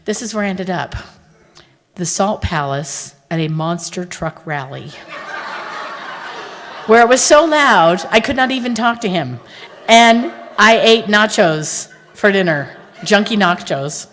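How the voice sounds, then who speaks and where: A woman's voice: mid-range voice, expressive, unhurried, a bit bright. A middle-aged woman gives a humorous talk to a conference audience, telling stories and speaking straight to the listeners. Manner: joking, storytelling, addresses the audience directly. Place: large conference hall. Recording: long hall reverb.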